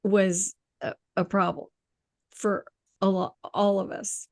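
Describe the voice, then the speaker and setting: A woman coach in casual conversation, telling a lively story, acting out quotes and often laughing. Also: mid-range voice, slow pace, no room sound, clean studio sound. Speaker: intuition coach.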